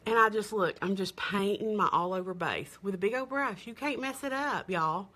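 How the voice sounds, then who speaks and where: A woman's voice: mid-range voice, moderate pace, bright, forceful tone. A middle-aged woman, doing a chatty live makeup demo and sales stream, gushing and greeting viewers by name. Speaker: makeup seller.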